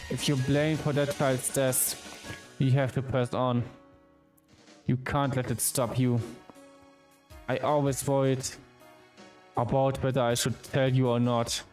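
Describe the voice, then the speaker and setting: Man, streamer, reads game lines aloud, unhurried, asides, faint background music. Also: mid-range voice, a little mellow. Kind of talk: reading a visual novel aloud.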